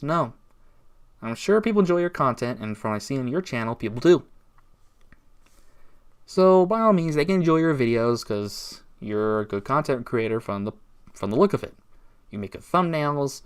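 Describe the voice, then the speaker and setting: A man's voice: mid-range voice, expressive, normal speed, clear, resonant tone. A man ranting in a casual vlog, aggrieved and sarcastic, taunting his target. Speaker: YouTuber.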